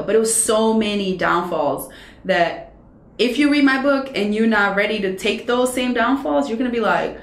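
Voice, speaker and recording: A woman in her thirties, a radio personality, chatting as an interview guest and telling stories with lively acted-out dialogue. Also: fairly high pitch, creaky. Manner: animated storyteller who acts out quoted dialogue. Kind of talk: casual interview conversation. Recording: roomy echo.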